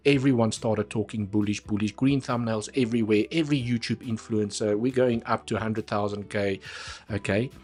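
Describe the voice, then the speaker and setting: A man talking casually through trading charts on a live stream, chatty and repeating points for emphasis. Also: on the low side.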